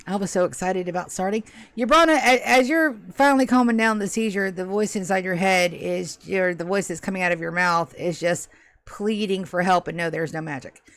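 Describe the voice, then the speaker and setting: A woman's voice: medium pitch, brisk, a bit bright, no room sound. A woman running a tabletop game as game master, narrating and chatting casually with the players and swearing now and then.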